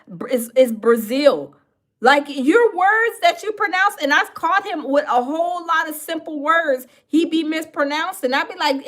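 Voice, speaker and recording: A woman's voice: sits high, fairly bright tone. A woman commenting on a livestream, sassy and mocking, talking straight to her viewers.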